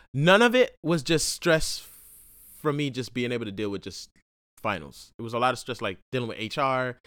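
Animated slangy young man. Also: medium pitch, no echo, clean studio sound. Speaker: podcast host and college student. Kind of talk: casual storytelling monologue.

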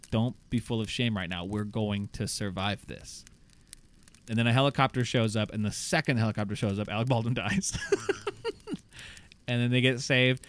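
A man casually recapping a movie plot on a podcast, rambling and animated, swearing and acting out lines of dialogue. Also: medium pitch, smooth. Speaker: podcast co-host.

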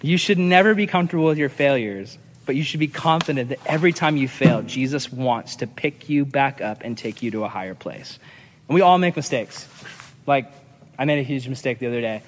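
A man's voice: mid-range voice, animated, brisk, big-room sound, a little hiss or hum. A male pastor giving a conversational, earnest sermon, repeating lines for emphasis.

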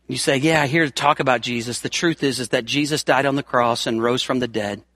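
A middle-aged man preaching a sermon as a pastor, emphatic, repeating words for stress and swinging from loud calls to quiet asides. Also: mid-range voice, dry recording, studio quality.

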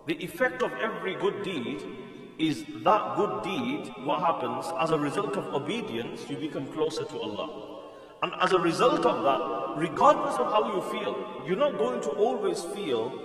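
A man delivers an Islamic lecture, explaining in English and quoting classical Arabic quickly, with an emphatic, repetitive cadence. His voice is a little high, expressive and fairly bright at a moderate pace. He sounds far off in an echoey hall, with faint music.

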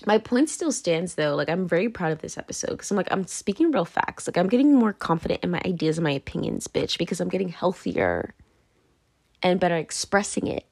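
A tipsy woman rambles through her own podcast, her low voice full of gravelly fry. She keeps dropping her thread with "anyway, moving on", laughing and slipping into whispers. It is loose, chatty solo talk. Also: animated, fairly quick, darkish tone. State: tipsy, drunk. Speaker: podcast host. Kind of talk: casual rambling monologue.

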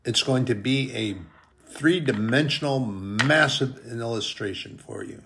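A man preaching a sermon, slow and deliberate, drawing out his emphatic phrases. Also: mid-range voice, fairly bright tone, a little hiss or hum.

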